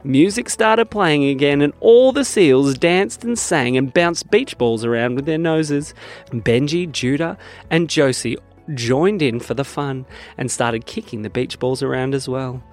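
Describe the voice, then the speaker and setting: A man narrating a children's bedtime story in a lively, animated way. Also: medium pitch, measured pace, faint music behind. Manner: lively storytelling that swings from bright to hushed.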